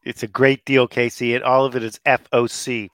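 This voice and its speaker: A man's voice: medium pitch, flat delivery, moderate pace, fairly bright tone, no echo. Upbeat man breaking down picks, dry close sound. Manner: upbeat, talks through stats and picks. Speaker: podcast co-host. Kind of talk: casual sports banter.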